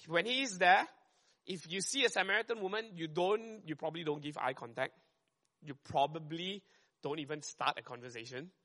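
Bright, quick-talking man preaching. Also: a little high. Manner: quick and conversational, often checks in with "right?". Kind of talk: sermon.

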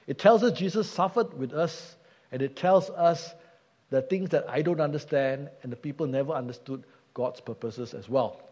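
A man's voice: on the high side, moderate pace, darkish tone. A man preaching a sermon, earnest and emphatic, asking rhetorical questions. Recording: dull sound with long hall reverb.

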